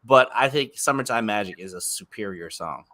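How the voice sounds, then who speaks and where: A man's voice: lowish voice, animated, moderate pace, pushed and bright. A man in his thirties co-hosting a podcast, chatting casually and enthusiastically with lots of filler words. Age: 30s. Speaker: podcast co-host. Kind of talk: casual chat.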